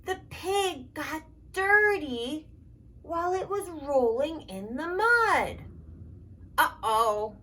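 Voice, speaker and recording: A woman's voice: high voice, very animated, sharp tone. A woman speech therapist leading a playful lesson for toddlers, making animal sounds and drawing out her words. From United States. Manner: exaggerated, playful, drawn-out words. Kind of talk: slow, sing-song kids' lesson with animal sounds.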